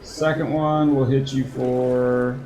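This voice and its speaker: A man running a tabletop game as dungeon master, unhurried and chuckling as he thinks aloud between dice rolls. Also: mid-range voice, flat delivery, mellow, soft background music.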